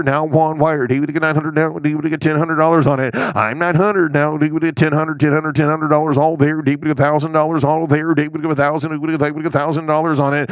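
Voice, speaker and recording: A man working as a charity auctioneer, calling bids in a rapid rhythmic chant with slower chatty asides. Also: on the high side, smooth, no room sound, studio quality.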